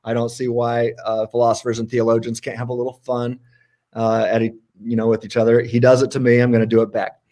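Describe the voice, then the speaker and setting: A man co-hosts a casual livestream debate, his pitch leaping up as he presses his points. His tone is sarcastic and playful, and his voice sits at an ordinary pitch. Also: fast. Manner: animated and sarcastic, jumps in pitch for emphasis. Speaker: co-host.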